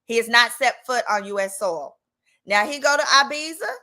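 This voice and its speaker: Sassy, bright-voiced woman telling a story. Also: a little high, normal speed. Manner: animated, sassy, jumps into voices for quoted people. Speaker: host, attorney. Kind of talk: casual storytelling.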